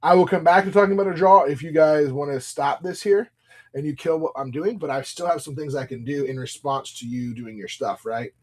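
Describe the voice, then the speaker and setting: A brisk, a little high male voice with a darkish tone belongs to a seller on a live stream. He opens card packs and reads them off, greeting viewers by name while telling them stories in a chatty, rambling way.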